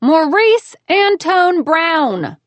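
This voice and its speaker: A woman's voice: high-pitched, expressive, brisk, dry recording, voice pushed up. A woman voicing a flustered, exasperated young woman calling out in a raised, exclamatory way.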